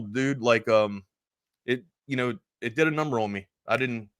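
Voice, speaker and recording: A man hosting a sports talk show, telling a long personal story in a rambling, animated way full of restarts. He is from Maryland. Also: medium pitch, moderate pace, dry recording, clean studio sound. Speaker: sports talk radio host.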